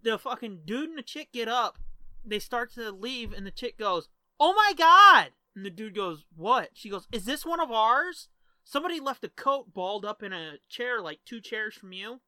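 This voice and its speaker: A man co-hosting a podcast, recounting stories in a relaxed, swearing manner. His voice is bright and sharp. It sounds close and dry. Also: high voice, moderate pace, no room sound. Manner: laid-back, swearing, storytelling. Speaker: podcast co-host. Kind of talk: casual profane chat.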